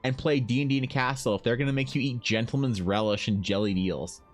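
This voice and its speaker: Speaking quickly in a mid-range voice, a Ukrainian streamer chats casually over soft background music. As he reads, he launches into animated, profanity-heavy bits of mock outrage.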